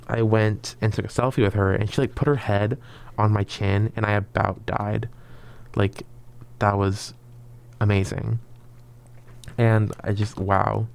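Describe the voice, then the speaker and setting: A man's voice: on the low side, creaky, darkish tone, smooth. A young man telling a rambling storytime in a chatty, filler-heavy way, dramatically acting out his own past lines. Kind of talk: casual storytime vlog.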